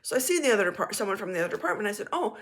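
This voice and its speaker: A woman vlogger telling a casual story in a frank, animated and blunt way, now and then swearing. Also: mid-range voice, very fast.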